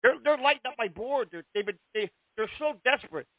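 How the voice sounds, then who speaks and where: Man, radio call-in host. High and lively voice, profane and rambling, tinny dry line. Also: fairly quick, a crowd in the background. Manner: profane, rambling and heated, with many restarts. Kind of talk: casual call-in radio talk.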